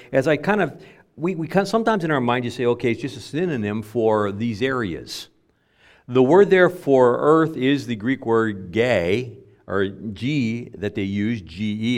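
A male pastor preaching a sermon in a conversational way, slowing down and leaning hard on key words. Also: medium pitch.

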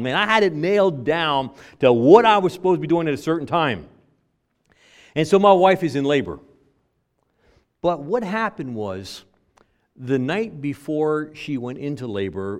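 Man, middle-aged, preacher, sermon storytelling, repeats words, dynamic volume. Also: medium pitch.

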